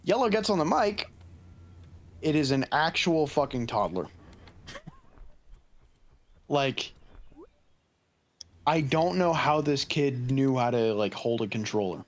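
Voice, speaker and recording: Young male podcast co-host, lively pitch, foul-mouthed storyteller. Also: takes it slowly, pauses often. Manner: profane, animated storytelling. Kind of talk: casual gaming podcast chat.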